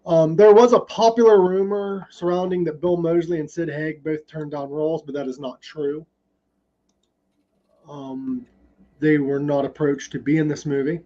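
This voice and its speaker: Man, fairly high mellow voice, podcast host, dull lo-fi mic. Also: fairly even intonation, moderate pace. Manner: reads trivia with frequent ums. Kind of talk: casual podcast chat.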